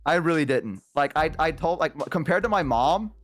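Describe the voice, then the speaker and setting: A young woman streamer with a Southern US accent, chatting casually and laughing, animated and teasing. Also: sits low, a little fast, soft background music.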